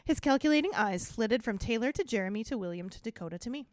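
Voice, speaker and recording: Brief: playful female reader, lively swooping pitch, dry close mic. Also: fast talker, no echo. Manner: playful, giggly, theatrical. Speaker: podcast co-host reading aloud. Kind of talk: dramatic reading with jokey commentary.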